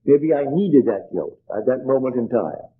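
An older man giving an earnest spiritual lecture, telling stories in a measured way, on an old archival tape. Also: medium pitch, expressive, phone-quality sound, slight background noise.

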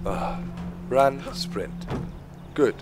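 A man's voice: mid-range voice, drawn-out words, music in the background. A man whose first language is German, commentating his gameplay live and swearing in frustrated outbursts at the game. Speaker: gaming video host.

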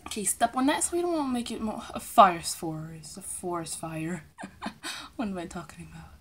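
A young woman casually commenting on a story game as she plays, excitable, laughing and shrieking when panicked. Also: on the low side, normal speed, husky. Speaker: gamer playing through a story game.

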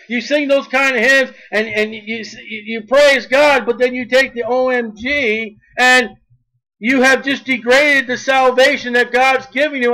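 A man's voice: extremely high pitch, fairly even intonation, measured pace, pushed and bright, rough recording. A man preaching a sermon, emphatic and drawing out key words.

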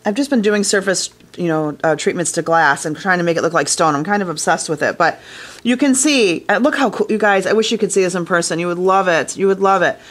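A woman's voice: lowish voice, a little fast. A woman teaching glass fusing in a casual hands-on tutorial, chatty and enthusiastic, talking straight to her viewers from a studio workshop.

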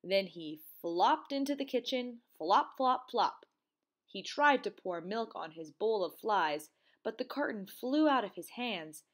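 Slow, sing-song woman reading a storybook. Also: medium pitch, expressive. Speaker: teacher reading aloud. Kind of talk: children's storybook read-aloud.

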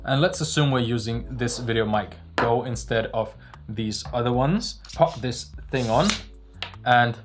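A man's voice: mid-range voice, a little slow, faint music behind. A man hosting a casual gear review vlog, joking and explaining, recorded outdoors on a windy day with a lavalier mic. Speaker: video host reviewing filming gear. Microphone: lavalier mic into a phone.

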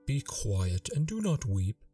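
A man doing a slow, calm fairy-tale frog. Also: fairly low pitch, no room sound, far from the mic, faint music behind, full character voice. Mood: coaxing.

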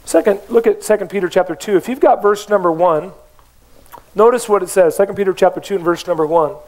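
Man, pastor preaching, fairly high voice, emphatic, rhetorical questions. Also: fast, a little mellow. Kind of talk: sermon. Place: church.

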